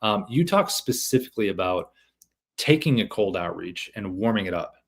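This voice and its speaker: Deep-voiced man hosting an interview. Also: lively intonation, normal speed. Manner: affirming, asks short questions. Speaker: podcast host.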